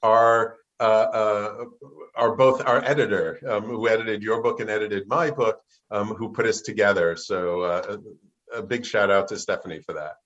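A man hosting a podcast interview, asking halting questions full of fillers. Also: fairly low pitch, fairly even intonation, a bit bright, dull audio. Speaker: podcast host.

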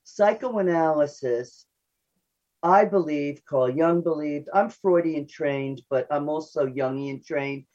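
An older woman, a psychoanalyst guest on a radio interview, talking fast and chatty and laughing at herself. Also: low-pitched, mellow. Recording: dull lo-fi radio audio.

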